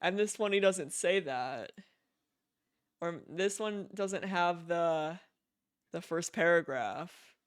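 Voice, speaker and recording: Male streamer, casual and excitable, laughs a lot, high clear voice. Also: slow pace, long pauses. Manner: excitable, laughs often, breaks off mid-sentence. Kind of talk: casual chat.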